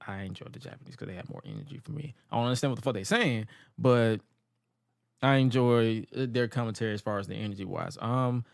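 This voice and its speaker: A man's voice: mid-range voice, fast, gravelly, no room sound, clean studio sound. A man co-hosting a podcast, chatting casually about wrestling, loose and rambling, tripping over names. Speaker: podcast co-host.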